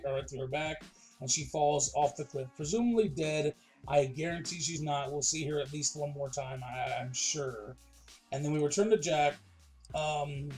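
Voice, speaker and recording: Rambling man recapping with soft music. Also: a little high. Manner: rambling, filler-heavy, enthusiastic. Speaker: podcast host. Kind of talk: casual episode recap.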